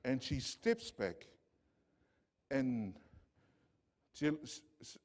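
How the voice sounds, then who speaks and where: Preacher with a lively, swinging voice. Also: male voice, mid-range voice, very slow. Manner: impassioned storytelling preacher, swinging from hushed to loud. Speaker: pastor. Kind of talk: sermon. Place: church.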